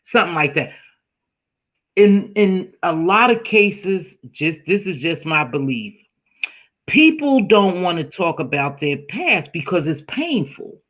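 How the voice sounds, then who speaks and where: A man's voice: sits high, very animated, unhurried, a bit bright, muffled recording. A man hosting a casual online panel chat over a video call, reflective and speaking straight to his viewers. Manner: reflective, addresses viewers directly. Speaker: host.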